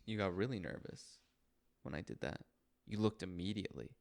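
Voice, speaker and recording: A young adult man co-hosting a podcast in casual chat, relaxed and joking, with rambling sentences. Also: sits low, brisk, creaky. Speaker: podcast co-host.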